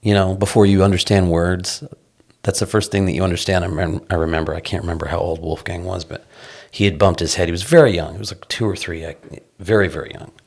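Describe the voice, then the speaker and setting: Middle-aged male guest, gravelly voice, loose, storytelling delivery. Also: sits low, fast talker. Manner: animated storyteller, frequent restarts, swears casually. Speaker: guest songwriter. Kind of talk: casual interview talk.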